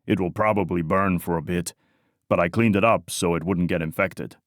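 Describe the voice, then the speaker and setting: A man's voice: low voice, steady tone, moderate pace, no echo, studio quality, lightly acted. A man voicing a lanky young medic with a thick accent who talks matter-of-factly.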